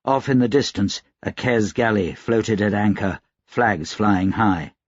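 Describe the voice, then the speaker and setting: A man reading a fantasy novel aloud in a measured, even narration. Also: lowish voice, no room sound. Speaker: audiobook narrator. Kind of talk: scripted narration. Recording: dry, slightly dull recording.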